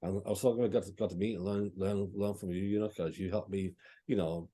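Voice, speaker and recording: A man's voice: sits low, fairly even intonation, brisk, mellow. A male podcast host who stammers and repeats words as he asks questions. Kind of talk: casual interview.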